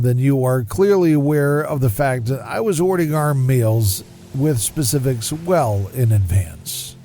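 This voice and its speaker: A middle-aged man, a podcast host, reading his own scripted narration in a measured, descriptive way. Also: medium pitch. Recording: soft music underneath.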